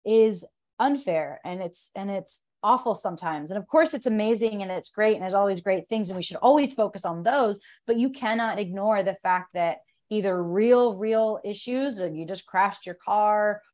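A woman's voice: mid-range voice, normal speed, darkish tone. A woman from the United States, a jiu-jitsu athlete on a podcast, talking earnestly in long, run-on thoughts. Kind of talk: casual conversation.

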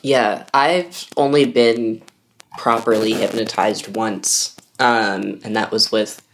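A woman's voice: rumbling low, fairly even intonation, slight background noise. A young woman co-hosting a casual podcast, chatting loosely and throwing in sarcastic quips. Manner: quick sarcastic quips between listening noises. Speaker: podcast co-host.

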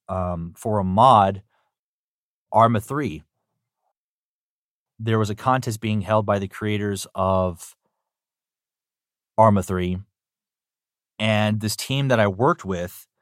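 A male voice actor telling stories in a casual interview. He is excitable and gushing, swears freely and repeats words as he starts sentences. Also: on the low side, dry recording, studio quality.

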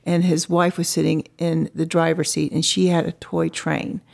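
A woman's voice: low voice, little pitch movement, moderate pace, vocal fry, darkish tone. A middle-aged woman artist, a guest in an interview, telling a story in a chatty way full of "you know" fillers. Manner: chatty, lots of "you know" fillers, acts out quoted voices.

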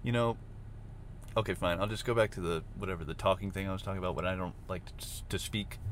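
A man's voice: sits low, very fast. A man hosting a rambling solo podcast while driving, crude and self-mocking as he talks. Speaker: podcast host. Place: inside a moving car. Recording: steady car road noise.

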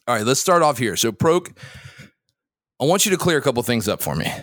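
A man's voice: medium pitch, sing-song, a bit bright, no echo. Teasing male podcast host, dry sound. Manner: teasing, probing questions with quick restarts. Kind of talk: casual chat.

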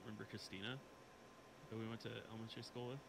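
A man's voice: lowish voice, flat delivery, rapid-fire. Young man telling a story over noise. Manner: laid-back, profane. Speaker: podcast guest. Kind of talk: casual chat.

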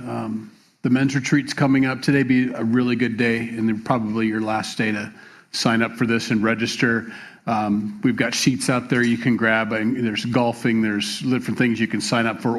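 Relaxed, halting male pastor. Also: medium pitch. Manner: relaxed, many fillers and repeated words. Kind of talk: sermon.

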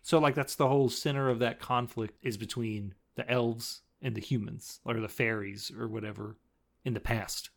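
A man co-hosting a podcast, casually recapping a film and acting out quoted lines in quick put-on voices. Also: mid-range voice, fairly even intonation, vocal fry. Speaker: podcast co-host.

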